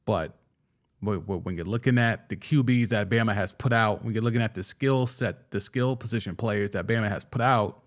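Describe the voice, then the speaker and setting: A young man hosting a casual sports talk show, excitedly giving his takes and answering viewer comments, often restarting and stumbling over his words. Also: fairly low pitch, normal speed. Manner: excitable, with frequent restarts and stammers. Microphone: studio microphone.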